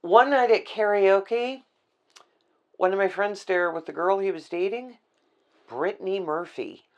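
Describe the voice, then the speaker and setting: Style: casual podcast chat. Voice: gravelly, creaky. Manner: affectionate and chatty. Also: medium pitch, a little slow, dull audio. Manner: chatty, affectionate, name-dropping. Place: indoor podcast set.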